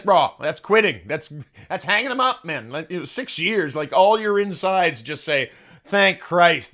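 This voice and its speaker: A man's voice: fairly high pitch, a bit bright. A man hosting a comedic sports monologue, crude and sarcastic, who swears freely and chuckles at his own jokes. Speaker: host.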